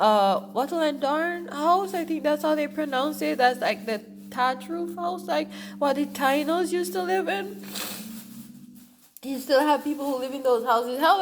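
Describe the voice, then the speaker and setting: A woman's voice: high voice, lively intonation, measured pace, a little hiss or hum. A woman talking candidly to camera in a blunt, profane and emotional personal monologue. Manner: earnest, emotional storytelling.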